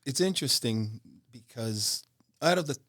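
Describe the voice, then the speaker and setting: A man's voice: medium pitch, expressive, normal speed, a bit bright. A man co-hosting a podcast, chatty and laughing easily. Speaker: podcast co-host. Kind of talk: casual chat.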